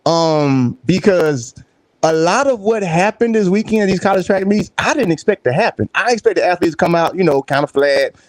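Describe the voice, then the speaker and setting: A man hosts a casual live stream, his voice pitched high and swinging widely as he fires off slangy shout-outs. The sound is dry and close, with no room around it. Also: lively intonation, moderate pace, no echo. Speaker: host.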